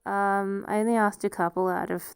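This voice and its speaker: Rambling to camera in a casual personal monologue, a vlogger with a noticeable non-standard accent jokes at her own expense and laughs often. Her medium-pitched voice is creaky and flat yet clean in tone, fairly quick, and the studio-quality recording has no room sound.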